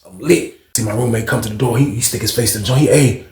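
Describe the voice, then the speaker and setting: In a fairly low, steady voice with noticeable reverb, a man tells a story in casual street slang. His talk is drawn out and full of fillers, with frequent asides to his listeners.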